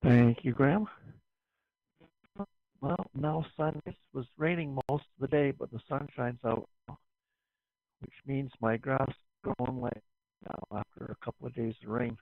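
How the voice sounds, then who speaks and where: Gravelly man on a tinny radio link. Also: medium pitch, fairly even intonation, dry recording. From Canada. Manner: easygoing, unhurried small talk. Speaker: radio net caller. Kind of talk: ham radio net chat.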